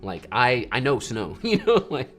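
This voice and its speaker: A man in his thirties chats with viewers on his livestream, joking and acting out little quotes. His pitch jumps around with plenty of animation and a relaxed, easy manner. Faint music plays softly behind him. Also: a little slow. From North Carolina, USA. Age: 30s. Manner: lively, jokey, reads chat aloud, acts out quotes. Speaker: photography livestream host. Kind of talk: casual livestream chat.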